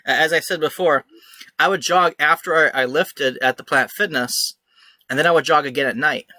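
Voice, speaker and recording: A young man co-hosting a podcast, telling an animated story in casual chat and acting out the shouted lines. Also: fairly high pitch, a little fast, a little hiss or hum. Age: young adult. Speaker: podcast host.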